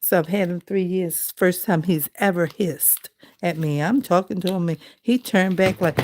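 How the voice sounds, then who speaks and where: A woman's voice: on the low side, moderate pace, a little mellow, slight background noise. A woman, chatting casually to her viewers as a craft vlogger and telling a story.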